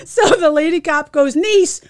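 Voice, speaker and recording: A middle-aged woman, co-hosting a podcast and telling a story in casual chat, animated, swearing and acting out voices. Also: fairly high pitch, a little fast, a little hiss or hum. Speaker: podcast co-host.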